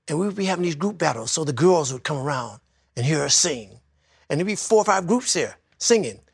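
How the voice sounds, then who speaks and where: An older man from Detroit recalling his childhood in a reflective, heartfelt way, sometimes speaking softly. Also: a little high, animated, a little fast, vocal fry, breathy edge, no echo, studio quality. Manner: reflective, heartfelt, soft at times. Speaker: interviewee. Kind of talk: personal storytelling.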